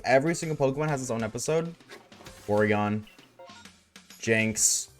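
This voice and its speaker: A man's voice: on the high side, lively intonation, a little fast, soft background music. A man streaming a game and chatting casually with his viewers, laid-back and slangy, reading chat aloud.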